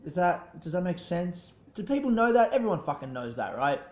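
A young Australian man talks through a solo podcast in a loose, profane, self-deprecating ramble, forever drifting off into tangents. His voice sits a little high for a man. The recording sounds roomy and slightly dull. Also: big pitch swings, brisk. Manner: rambling, profane, self-mocking, easily sidetracked. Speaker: podcast host. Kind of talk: casual solo podcast chat.

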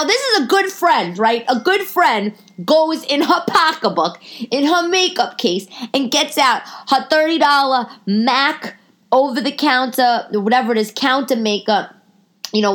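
Chatty storytelling woman podcast host. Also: on the low side. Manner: animated, chatty, lots of "like" and restarts. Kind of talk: casual storytelling monologue.

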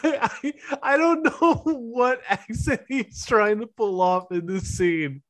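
A man's voice: very high-pitched, slow, fairly bright tone. A man co-hosting a casual movie review chat, rambling with lots of "like" and easy laughter. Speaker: podcast co-host.

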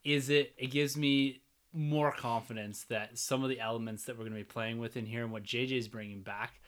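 A man's voice: medium pitch, steady tone, normal speed, a bit bright. A man hosting a casual podcast discussion, upbeat and steering the talk. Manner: upbeat, runs the discussion and outro. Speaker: podcast host. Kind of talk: casual chat.

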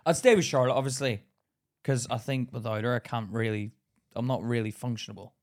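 A man's voice: medium pitch, fairly quick. A man co-hosting a casual podcast chat, teasing and jokey, laughing often. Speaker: podcast co-host.

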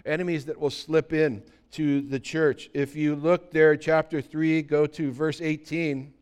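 A man preaching a sermon as pastor, moving between quiet teaching and loud, emphatic outbursts. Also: a little high, clean tone.

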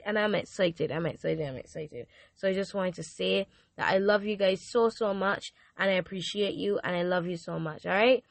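A teenage girl hosting her own podcast, earnestly and repeatedly thanking her listeners, her voice going hoarse. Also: mid-range voice, normal speed, dry recording. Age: teens. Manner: earnest and repetitive, gushing thanks. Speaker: podcast host. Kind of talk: casual faith podcast monologue.

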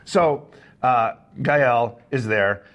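A man's voice: medium pitch, very slow, a bit bright. A sleep-deprived man telling rambling anecdotes with frequent chuckles as a guest in a casual interview. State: tired, short on sleep.

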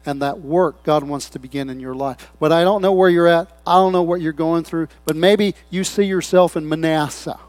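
A pastor preaching a sermon, swinging between loud appeals and hushed, quiet asides, acting out short quoted voices. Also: male voice, a little high, fairly even intonation, normal speed, few pauses, no echo. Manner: acts out people's voices in short quoted bits.

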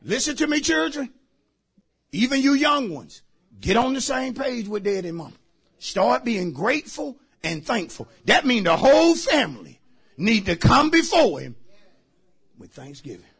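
A man preaching a sermon as pastor, shouting out lines and calling for responses from the congregation. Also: very high-pitched, very animated, moderate pace, vocal fry, breathy edge.

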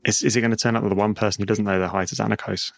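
A man's voice: on the low side, flat delivery, very fast, gravelly, no room sound. A man playing in a comedy podcast game, rambling and poking fun at himself. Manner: rambling, self-mocking. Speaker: player.

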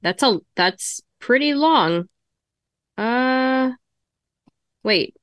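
Woman, podcast co-host, chatty, thinks aloud, bright voice, dry recording. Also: high-pitched, animated, very slow, no room sound. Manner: chatty, thinks aloud while browsing ticket sites. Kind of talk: casual chat.

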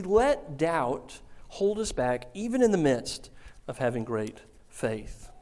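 A man preaching a sermon, telling the story with lively acted-out quotes. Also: fairly high pitch, takes it slowly. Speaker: pastor.

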